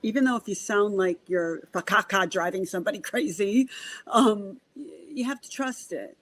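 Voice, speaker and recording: A woman speaking as a guest on an interview show. She talks at a middle pitch and tells stories in a lively way. She acts out both sides of the conversations she describes and often repeats a word as she gets going. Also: normal speed, no echo, poor audio. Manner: animated, acts out dialogue in quotes; repeats words when starting sentences. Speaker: medium, podcast guest. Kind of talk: conversational storytelling.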